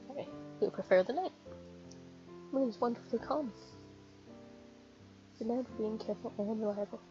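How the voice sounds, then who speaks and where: A woman reading game text aloud with amused, joking asides in casual gameplay commentary. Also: fairly high pitch. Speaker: let's player. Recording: muffled with game music behind.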